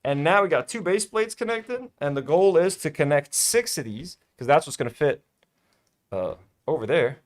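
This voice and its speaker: A man's voice: on the high side, expressive, normal speed. A young man hosting a casual hobby vlog, chatty and self-delighted, full of fillers. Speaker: toy-building channel host.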